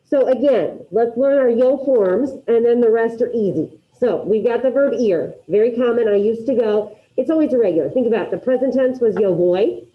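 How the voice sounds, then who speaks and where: A woman's voice: fairly high pitch, normal speed, few pauses. Upbeat woman teaching a class, lo-fi. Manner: upbeat, drills repetition, asks students questions. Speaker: Spanish teacher. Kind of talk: classroom grammar lesson.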